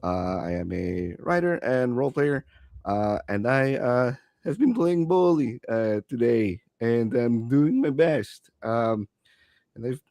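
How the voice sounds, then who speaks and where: A man's voice: medium pitch, lively intonation, takes it slowly, gravelly, darkish tone, no echo. A man player signing off from a tabletop game with dry, wry humor. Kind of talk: casual chat.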